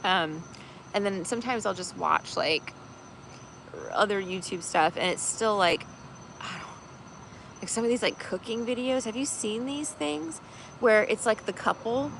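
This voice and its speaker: A woman's voice: mid-range voice, a little slow, vocal fry, fairly bright tone, a little hiss or hum, rough recording. A woman chatting casually on a livestream as a tarot reader host, rambling with many fillers and laughing easily. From United States.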